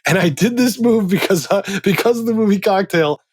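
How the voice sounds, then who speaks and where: A man hosting a casual drinks chat, telling stories in an animated way and laughing often. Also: high-pitched, a little fast, no echo. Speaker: host.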